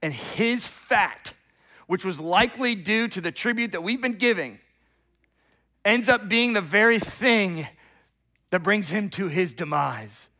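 This middle-aged man preaches as pastor, his voice sitting high and expressive, a little slow. He tells the story with animation, swinging from loud to hushed, and often repeats words when opening a thought.

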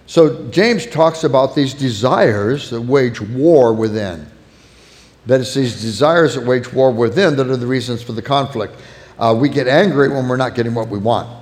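A man's voice: mid-range voice, normal speed, a little mellow, in a large hall. A man preaching a sermon earnestly, illustrating his points with acted-out everyday anecdotes. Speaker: pastor.

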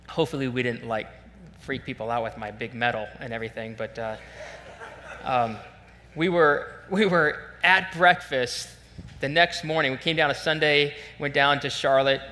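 A man preaching a sermon, telling a story in a conversational, animated way with self-deprecating asides. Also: medium pitch. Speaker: pastor. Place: church sanctuary. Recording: long reverb in a large hall, faint hum.

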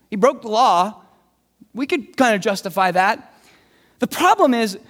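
A young man preaching a sermon, telling the story with animated voices for the people in it. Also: high voice. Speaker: pastor. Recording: long reverb of a large hall.

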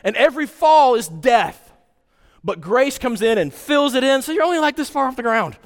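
A man preaching a sermon as pastor, conversational and animated, with sudden jumps in pitch. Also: moderate pace. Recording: long hall reverb.

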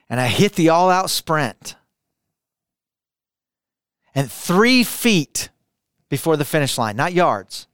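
A middle-aged man from Arkansas telling a personal testimony to a camera, building intensity through repetition and dropping quiet for emphasis. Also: mid-range voice, clean tone, no room sound, clean studio sound. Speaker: speaker sharing a personal testimony. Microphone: camera, speaking to it.

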